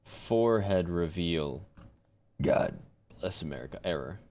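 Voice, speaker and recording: A man streaming live, chatting casually and thinking out loud as he reacts to clips. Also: sits low, lively intonation, a little slow. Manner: musing aloud, mimicking clips. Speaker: streamer and voice actor.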